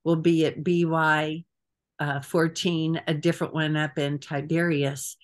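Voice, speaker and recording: Trip organizer going over plans on a zoom call, lots of ums, mid pitch. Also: flat delivery, measured pace. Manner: chatty, hesitant with frequent fillers. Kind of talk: casual meeting briefing. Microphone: video call.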